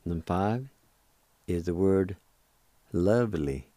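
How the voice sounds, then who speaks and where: Man, very deep voice, mellow tone, patient language lesson, dry studio sound. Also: animated, dry recording. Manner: slow, patient, repeats each word. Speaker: radio language teacher. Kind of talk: slow spelling and pronunciation lesson.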